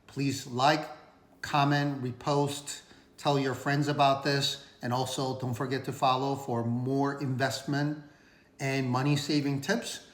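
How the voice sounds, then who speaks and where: A man's voice: medium pitch, little pitch movement, measured pace. Earnest man giving money tips, roomy. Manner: earnest, conversational, emphatic repetitions. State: recovering from illness. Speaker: finance vlogger. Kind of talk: casual talking-head advice. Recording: roomy echo.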